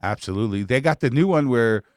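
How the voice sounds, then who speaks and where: A male host with a smooth, resonant voice and a brash, casual manner. He keeps the talk moving with quick agreeing interjections. The sound is dry and close to the mic. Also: medium pitch, animated, dry recording. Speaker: podcast host. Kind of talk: casual comedic chat.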